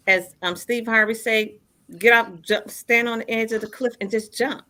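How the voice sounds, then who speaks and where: A woman's voice: fairly high pitch, steady tone, normal speed, bright, forceful tone. A woman in her fifties telling her own story as a radio show guest, earnest and repeating phrases for emphasis. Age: 50s. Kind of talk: personal storytelling in a radio interview.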